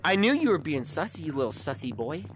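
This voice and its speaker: A man streaming a VR game, joking constantly and swinging between low mutters and sudden high shouts. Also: very animated, fast, noisy background. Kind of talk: joking gameplay chatter. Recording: game music loud in background.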